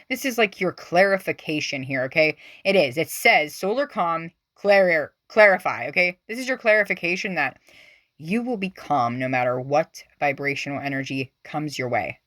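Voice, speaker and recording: A woman giving a tarot reading to her viewers, gushing and exclamatory, swinging between excited outbursts and hushed asides. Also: low voice, no echo. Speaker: tarot reader.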